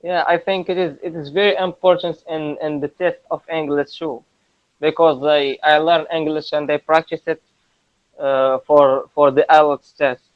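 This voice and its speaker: A Moroccan man practising English on a video call, halting and repeating words as he goes. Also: on the high side, steady tone, smooth, no room sound, highs cut off. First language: Moroccan Arabic. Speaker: English learner. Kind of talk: casual video-call lesson.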